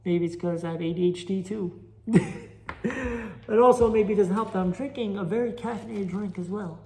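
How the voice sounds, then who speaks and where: A man's voice: sits high, moderate pace, warm tone, slight background noise. A man with a New York Italian accent hosting a solo podcast, rambling and restless, self-deprecating about his stand-up. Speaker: podcast host and amateur stand-up comic. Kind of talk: solo casual podcast monologue. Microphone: phone recording. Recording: echoey chamber reverb.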